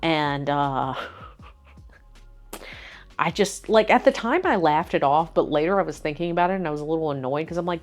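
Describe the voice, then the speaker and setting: A woman's voice: low voice, a little fast. A young adult woman vlogging in a casual, candid way, chatty with joking asides. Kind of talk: casual chat.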